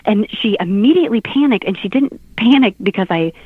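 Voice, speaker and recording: A woman's voice: mid-range voice, brisk, breathy edge, no room sound. A middle-aged woman, a guest author, telling funny stories in casual talk-show chat. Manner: animated storyteller, laughs often. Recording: tinny phone-like line.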